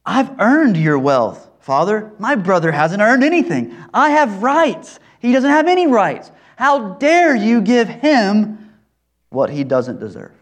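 A man's voice: mid-range voice, wildly swooping pitch, takes it slowly, pauses often, a little mellow, voice pushed down, exaggerated voice. A man voicing a resentful older brother who angrily demands what he feels he has earned. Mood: indignant. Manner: rising, heated, demanding. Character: resentful older brother, indignant grown son.

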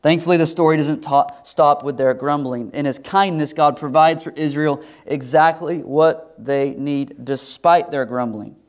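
A man's voice: a little high, unhurried, few pauses. A man preaching a sermon as pastor, earnest and conversational, asking the congregation rhetorical questions.

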